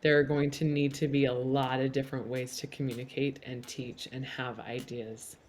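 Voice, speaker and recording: A woman's voice: a bass voice, normal speed, slight background noise. Casting: middle-aged woman, candid interview guest, earnest with flashes of self-mocking humor. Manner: earnest, animated, laughs at herself. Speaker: podcast guest.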